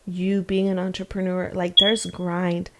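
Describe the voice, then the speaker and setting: A woman in her thirties co-hosting a faith and marriage podcast, talking reflectively and softly with occasional laughs. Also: lowish voice, monotone, measured pace. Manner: reflective, soft-spoken, laughs often. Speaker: podcast co-host. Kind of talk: casual faith chat.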